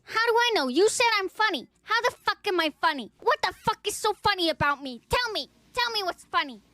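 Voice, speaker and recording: A foul-mouthed mob boss with a very high, bright anime-girl voice, dubbed by a woman. It swoops up and down while it swears and mocks, in a comedic mafia-scene redub. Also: sing-song, brisk, no room sound, full character voice. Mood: mocking. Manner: profane, shouting, mocking.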